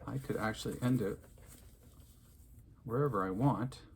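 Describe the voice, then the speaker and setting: A man's voice: fairly low pitch, a little slow, creaky, a little hiss or hum. A man giving an unscripted crafting tutorial, chatting, thinking aloud and humming to himself as he works. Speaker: craft instructor.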